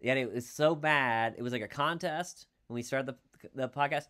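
A man's voice: medium pitch, moderate pace, pushed and bright. A middle-aged man hosting a school podcast, chatting casually and laughing at himself as he tells a story. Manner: laughing, self-mocking storyteller. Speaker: teacher and podcast host. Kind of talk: casual chat.

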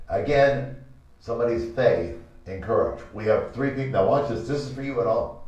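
A man with a lowish voice preaches as he hosts a talk show, telling a Bible story and acting out each character's lines. The sound is dull and very roomy, picked up from some way off the mic. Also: fast. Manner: animated storytelling, acting out quotes. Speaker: pastor and show host. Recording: echoey room, mic from a distance, dull sound.

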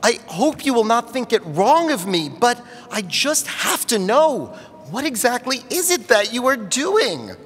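A man voicing a gentle, puzzled rabbi questioning his daughter tenderly, heard with the long reverb of a large sanctuary. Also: very high-pitched, big pitch swings, a little slow, husky, pitched above the performer's own voice, full character voice. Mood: pleading.

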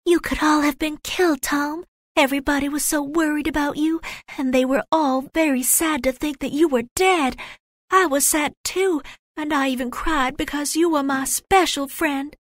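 A woman's voice: sits high, steady tone, moderate pace, no echo, studio quality, pitched above the performer's own voice, natural voice. A woman reading a storybook, voicing a clingy young schoolgirl who gushes over a boy. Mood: gushing. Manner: gushing, pleading.

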